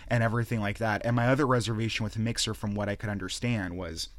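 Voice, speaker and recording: Podcast host, young adult man, low voice, profane animated rant, dry close mic. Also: quick pace, hardly any pauses, dry recording. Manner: profane, ranting, animated storytelling. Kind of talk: casual solo rant.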